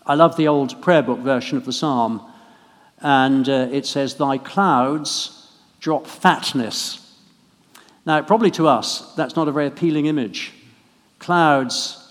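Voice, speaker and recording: A man from England preaching a harvest sermon in a church, conversational and gently humorous. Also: medium pitch. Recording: long church reverb.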